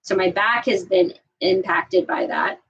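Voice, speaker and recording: A woman's voice: fairly low pitch, measured pace, gravelly, a bit bright, recorded from a distance, highs cut off. A mother in her thirties co-hosting a podcast, chatting casually and earnestly with lots of fillers and restarts. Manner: rambling, filler-heavy, earnest. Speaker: podcast co-host. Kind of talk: casual chat.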